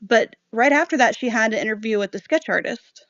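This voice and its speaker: A woman co-hosting a casual true-crime discussion who thinks aloud and hedges in quick bursts. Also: a little high, fairly bright tone, dry recording, highs cut off. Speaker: podcast co-host.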